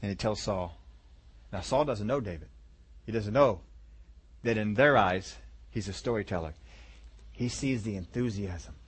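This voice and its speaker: A man teaching a Bible lesson in a lively way, acting out the characters and dropping to soft asides. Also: lowish voice, a little slow, long pauses, breathy edge.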